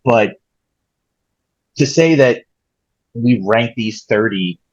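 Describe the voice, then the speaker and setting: Husky-voiced man musing on a podcast. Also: medium pitch, takes it slowly, darkish tone, dry recording. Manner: thoughtful, rambling, reflective. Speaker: podcast co-host. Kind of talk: casual chat. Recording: slightly dull lo-fi mic.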